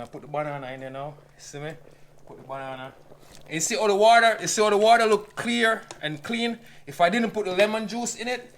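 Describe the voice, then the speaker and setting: Jamaican man, slightly high voice, easygoing patois cooking chat, faint sizzle behind. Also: a little hiss or hum. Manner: relaxed, chatty, patois phrases. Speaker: cook. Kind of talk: casual cooking demonstration.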